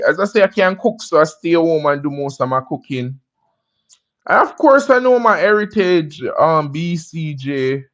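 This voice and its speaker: A man's voice: high voice, a bit bright, muffled recording. A Jamaican man hosting a casual livestream chat. He answers viewer comments and greets viewers by name. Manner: laid-back, drawn-out, greets viewers by name. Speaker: livestream host.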